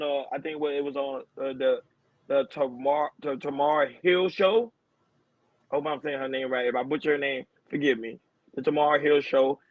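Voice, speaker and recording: A man hosting a podcast in casual chat, animated, laughing and slangy. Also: medium pitch, dry recording. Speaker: podcast host. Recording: dull, dry recording.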